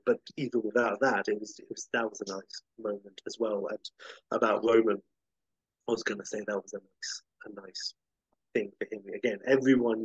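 A man's voice: lowish voice, husky, no room sound, muffled recording. A man co-hosting a podcast, chatting casually in a thoughtful, hesitant way. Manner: thoughtful, hesitant, with many ums. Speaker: podcast co-host. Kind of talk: casual chat.

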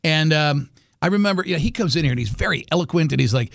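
A man hosting a radio show, bantering casually in the studio, animated, joking and profane. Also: on the high side, fast, gravelly, no echo.

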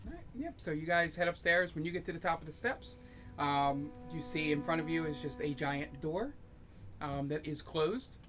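A man's voice: a little high, lively intonation, normal speed, music in the background. A man running a tabletop role-playing game as game master, narrating hesitantly with many ums.

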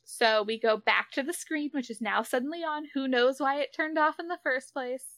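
A woman co-hosting a podcast, recapping an episode in casual chat, animated and swearing freely. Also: high-pitched, no room sound. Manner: animated, swears casually, quick asides and laughs. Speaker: podcast co-host.

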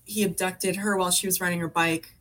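A woman's voice: on the low side, steady tone, fairly quick, fairly bright tone. A woman in her forties, a podcast guest from Alaska, chatting in a rambling way full of fillers and restarts. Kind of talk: casual conversation.

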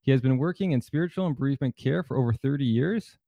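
A man's voice: mid-range voice, fast talker, gravelly, dry recording, lo-fi sound. A man hosting a podcast in a casual, easygoing way, with lots of fillers and restarts. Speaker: podcast host.

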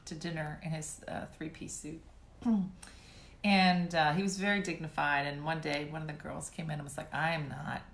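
A middle-aged woman telling family stories in a casual chat to viewers, laughing and clearing her throat now and then. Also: lowish voice, fairly bright tone, echoey room.

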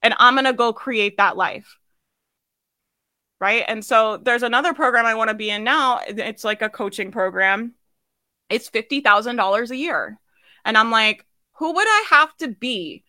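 Woman, business coach, live coaching talk, emphatic, casual, forceful bright tone, dry close sound. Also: normal speed, no room sound. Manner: emphatic and casual, swears, laughs often; acts out quoted thoughts in a higher voice.

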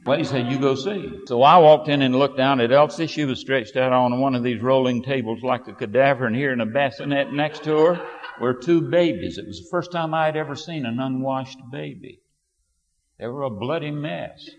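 An older man delivering a sermon, unhurried and storytelling, then leaping up with emphasis. His pitch swings widely as he goes. The recording is muffled and lo-fi, with a long reverb trailing through a large hall. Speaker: preacher.

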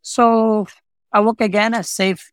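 In a high-pitched, clear and resonant voice with a fairly bright, level tone, a man speaks unhurriedly with no echo. He's a pizza shop owner guesting on an interview, earnestly telling his personal story in non-native English with broken grammar, full of "you know, like" and repetition, and he sounds heartfelt.

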